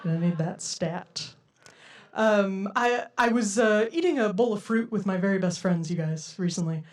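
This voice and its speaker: A woman's voice: medium pitch, normal speed, far from the mic. A young woman performing a stand-up comedy set for a live audience, with a playful, giggly delivery and frequent laughs.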